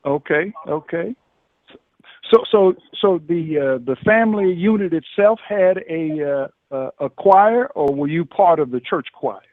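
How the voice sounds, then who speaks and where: A man hosting a radio interview, speaking haltingly with many fillers. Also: on the high side, animated, no room sound. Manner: halting, warm, hesitant with fillers. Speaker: radio host. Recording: tinny phone-like line, dry.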